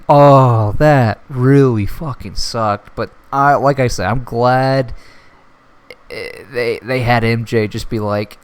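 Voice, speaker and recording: A young man giving a casual solo movie reaction, excited and rambling, swearing often. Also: medium pitch. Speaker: movie review vlogger.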